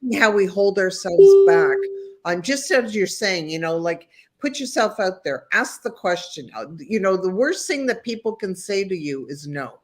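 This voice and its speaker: A woman's voice: medium pitch, expressive, moderate pace. A woman co-hosting an interview over a video call, asking thoughtful questions and feeling her way through them. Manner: thoughtful, searching questions with fillers. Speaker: podcast co-host.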